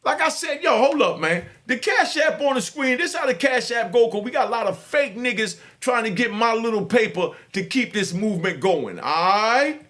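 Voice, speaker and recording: A middle-aged man talking to his viewers with fervent, preaching passion and bursts of shouting. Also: very high voice, lively intonation, normal speed, few pauses. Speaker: host. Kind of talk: impassioned talk to viewers.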